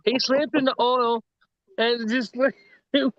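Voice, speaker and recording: This Texan man has a very high voice, speaking slowly with a steady tone in a dry, lo-fi recording. Co-hosting a livestream, he chats casually and tells profane stories full of swearing and laughter.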